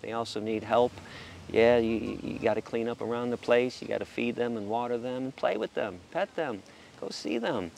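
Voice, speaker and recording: A man's voice: mid-range voice, moderate pace, gravelly, darkish tone, a little hiss or hum. A man speaking passionately about animal sanctuaries in a casual monologue, stammering into restarts and swearing now and then. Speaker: vegan animal rights advocate.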